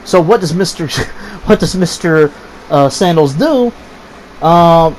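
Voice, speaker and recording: High-voiced man telling a profane story. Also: normal speed, a little hiss or hum, poor audio. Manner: profane, animated, acts out friends' voices. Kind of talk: casual storytelling vlog.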